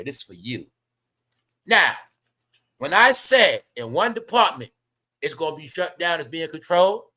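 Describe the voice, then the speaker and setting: A man's voice: sits high, sharp tone. A man hosting his own livestream, giving blunt, profane, mocking commentary and repeating his points. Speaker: livestream host.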